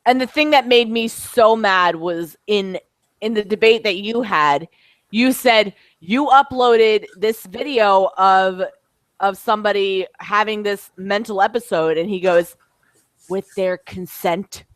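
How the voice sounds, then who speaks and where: A woman's voice: medium pitch, a little slow, no room sound. A woman guest in a casual chat, talking with indignation and frequent laughter after a few glasses of wine.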